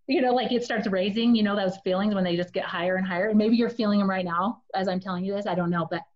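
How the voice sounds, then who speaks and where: A woman's voice: mid-range voice, fast talker, highs cut off. A woman sharing a personal testimony in a casual, confessional storytelling way, speaking directly to her listeners.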